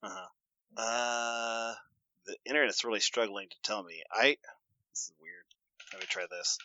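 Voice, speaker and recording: A man co-hosting a podcast in casual chat, hesitant and stop-start, then breaking into excited, laughing retellings. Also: mid-range voice, moderate pace, vocal fry, dry recording, muffled recording. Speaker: podcast co-host.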